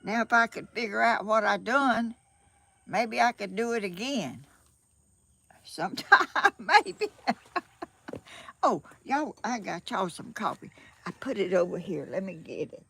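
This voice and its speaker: A woman's voice: medium pitch, animated, normal speed, creaky, sharp tone, breathy edge, no room sound. An older woman with a Southern US accent, chatting casually and a bit flustered on a live stream from her home, laughing often. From Georgia, USA. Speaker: vlogger. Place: home, sunny room.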